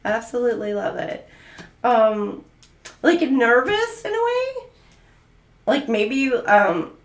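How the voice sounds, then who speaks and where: A woman's voice: on the high side, sing-song, slow pace, creaky, reverberant. A woman giving a casual tarot reading, gushing and giggling, with lots of fillers as she talks. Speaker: tarot reader.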